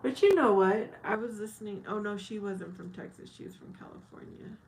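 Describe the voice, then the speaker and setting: A woman's voice: mid-range voice, brisk, gravelly, a little mellow, a little hiss or hum, poor audio. A woman live streaming in casual chat, reading viewer comments aloud and answering them. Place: outdoors at night.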